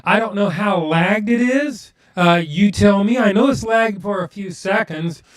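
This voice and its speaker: A man's voice: high-pitched, unhurried. A man hosting a live stream, chatting casually with viewers and muttering to himself while fixing his audio.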